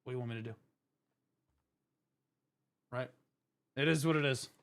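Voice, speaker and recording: A man, a former teacher, chatting casually on stream and telling stories, profane and animated. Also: medium pitch, moderate pace, gravelly. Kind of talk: casual stream chat and storytelling.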